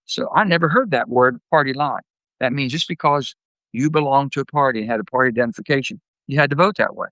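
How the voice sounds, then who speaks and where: Forceful blunt older man. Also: fast talker, no echo, poor audio. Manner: blunt, folksy, acts out his anecdotes with lively jumps in pitch. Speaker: guest, former senator. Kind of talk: candid storytelling interview.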